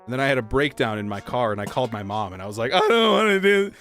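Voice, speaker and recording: A man hosting a casual game livestream, greeting viewers by name and answering their chat in a relaxed, joking way. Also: fairly low pitch, racing. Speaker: streamer host. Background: soft jazz music.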